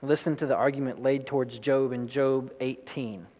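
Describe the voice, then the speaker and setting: A man's voice: medium pitch, fairly even intonation, normal speed, long reverb tail, lo-fi sound. A man preaching a sermon, reading scripture aloud and paraphrasing it in dramatic, accusing voices.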